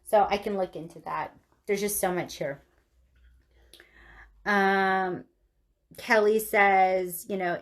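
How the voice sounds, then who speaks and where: A woman co-hosting a podcast, telling a true-crime story in casual, lively chat and cursing freely. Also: medium pitch, takes it slowly, pauses often. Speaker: podcast co-host.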